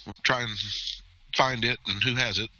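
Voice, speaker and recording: Man, tabletop player, casual, very bright, dry lo-fi sound. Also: medium pitch, steady tone, normal speed, no room sound. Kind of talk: casual tabletop game chat.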